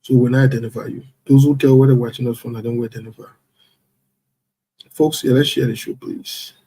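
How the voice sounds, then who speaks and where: A man's voice: mid-range voice, steady tone, fairly quick, dark tone, husky. A man hosting a casual live stream, playfully greeting viewers by name and chuckling as he goes. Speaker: livestream host.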